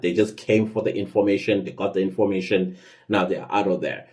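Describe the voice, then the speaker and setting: A man hosting a podcast, giving casual spoken advice with lively emphasis and occasional fillers. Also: lowish voice. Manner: conversational, lively emphasis, self-corrections and fillers. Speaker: podcast host giving tips. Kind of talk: casual instructional talk.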